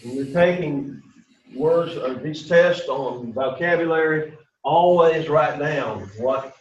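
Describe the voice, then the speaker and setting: A man's voice: a little high, slow pace, lo-fi sound. A middle-aged man teaching a Greek class, lecturing to students in an emphatic way and repeating his key points.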